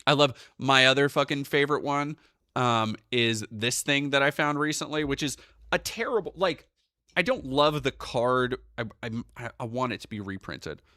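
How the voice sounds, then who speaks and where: A man's voice: mid-range voice, normal speed, dry recording, clean studio sound. A young man streaming live, talking casually with lots of swearing and rambling asides. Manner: profane, animated, rambling.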